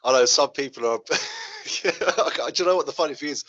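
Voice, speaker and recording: A man's voice: a little high, normal speed, a bit bright, lo-fi sound. A man hosting a podcast, chatting casually, laughing often and swearing in passing. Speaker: podcast host. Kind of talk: casual chat.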